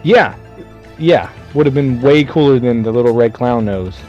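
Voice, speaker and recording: A man's voice: medium pitch, animated, a little slow, muffled recording, soft background music. A man co-hosting a podcast, retelling a movie in casual chat, swearing freely and putting on mocking voices for the characters. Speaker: podcast co-host.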